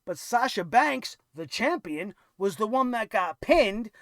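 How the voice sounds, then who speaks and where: Show host, ranting review; gravelly, dry-sounding read, sarcastic and profane with shouted outbursts. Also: mid-range voice, big pitch swings, a little slow, no room sound.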